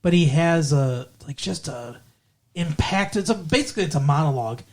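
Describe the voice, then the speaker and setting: A man's voice: fairly high pitch, animated, normal speed. Brief: male podcast co-host, chatty and digressive, trails off and self-corrects. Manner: rambling, digressive, corrects himself mid-sentence. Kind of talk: casual movie podcast chat.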